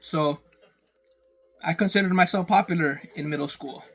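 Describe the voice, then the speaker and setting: A man's voice: fairly high pitch, normal speed, a bit bright, husky. A man from Canada ranting casually to camera, rambling and profane, repeating his phrases over and over. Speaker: vlogger.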